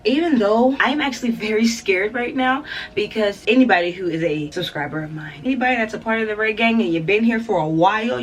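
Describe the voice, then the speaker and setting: A woman's voice: on the low side, distant mic. A woman hosting a reaction video, chatting casually straight to her viewers with lots of asides.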